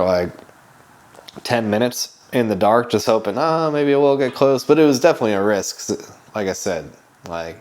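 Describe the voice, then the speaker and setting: A young man telling a travel story in a casual, rambling way, laughing often and swearing. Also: on the low side. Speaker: travel show host.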